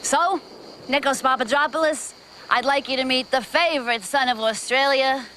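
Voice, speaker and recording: An actress playing a brazen con artist who tells a breezy, theatrical tall tale in a film scene. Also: female voice, high-pitched, moderate pace, sharp tone, a little hiss or hum, poor audio. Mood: storytelling.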